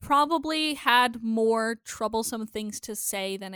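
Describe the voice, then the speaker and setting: A woman co-hosting a podcast in casual chat, animated, laughing often and swearing freely. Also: a little high, takes it slowly, smooth, no echo, clean studio sound. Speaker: podcast co-host.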